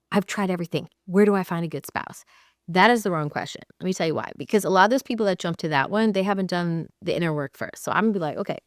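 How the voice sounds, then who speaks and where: A woman's voice: mid-range voice, dry recording, clean studio sound. A woman marriage coach giving casual, direct advice to camera in a chatty way, often acting out the voices of the people she describes.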